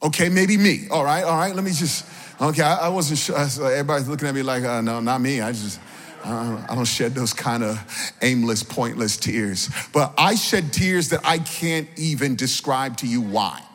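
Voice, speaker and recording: A man's voice: mid-range voice, normal speed, fairly bright tone, big-room sound. A man preaching a sermon as pastor, calling out to the congregation for responses and building in energy as he goes. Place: church sanctuary.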